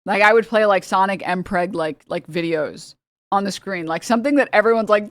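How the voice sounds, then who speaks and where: A woman's voice: mid-range voice, fairly quick, no echo. A woman streamer rambling through casual reaction commentary, cursing freely and breaking into laughs. The recording is dry and close, with no room sound. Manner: rambling, profane, laughing often.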